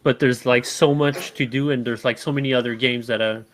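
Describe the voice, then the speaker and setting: A man's voice: mid-range voice, steady tone, a little fast, a little hiss or hum. Easygoing man on a gaming podcast. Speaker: podcast co-host. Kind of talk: casual chat.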